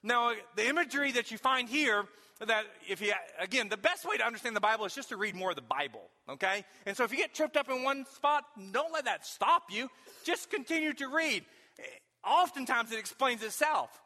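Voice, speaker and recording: This expressive pastor preaches fairly quickly in a high, bright voice, alternating folksy anecdotes with shouted, emphatic questions. The sound carries a long reverb, suggesting a large hall.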